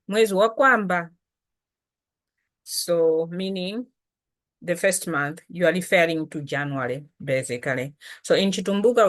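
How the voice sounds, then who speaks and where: Slow, patient woman teaching. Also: lowish voice, a bit bright. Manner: patient, explains slowly with repetition. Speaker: language teacher. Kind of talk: language lesson.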